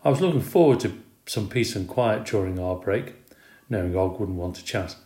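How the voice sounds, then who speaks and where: A man's voice: lowish voice, moderate pace. Roomy-sounding man reading a storybook. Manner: expressive, animated reading. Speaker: reader. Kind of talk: storybook narration. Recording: roomy recording.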